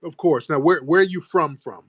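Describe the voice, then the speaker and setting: A man's voice: on the high side, normal speed, no room sound. Blunt, mocking male talk-show host. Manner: blunt, mocking, loud bursts.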